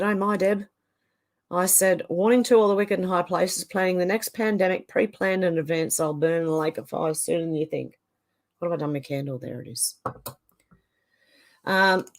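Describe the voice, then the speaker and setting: An Australian woman hosting a livestream, chatting casually and reading viewer comments aloud. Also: on the low side. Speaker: livestream host reading chat. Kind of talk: casual chat.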